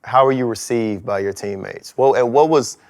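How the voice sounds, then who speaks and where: A man's voice: medium pitch, normal speed, darkish tone. A man co-hosting a casual interview, asking loose, rambling questions. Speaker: podcast co-host.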